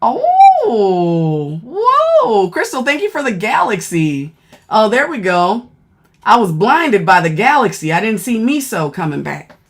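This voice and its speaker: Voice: medium pitch, fairly bright tone, breathy edge. A live stream host running a contest, easygoing, checking in with "all right" and "okay".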